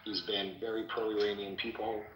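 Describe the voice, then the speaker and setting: A man's voice: lowish voice, flat delivery, normal speed, a bit bright. A man speaking in a live chat room, earnest and defending a friend. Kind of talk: casual chat. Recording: distant, roomy, faint hiss.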